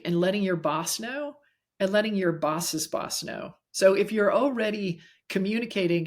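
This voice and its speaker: Middle-aged woman guest, lowish voice, earnest anecdotal storyteller, conversational. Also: measured pace. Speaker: guest, executive coach. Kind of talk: casual interview chat.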